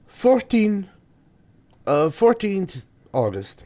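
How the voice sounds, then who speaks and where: A man's voice: mid-range voice, very animated, slow, darkish tone. A man streaming a video game, reading in-game notes aloud and thinking through puzzles as he goes.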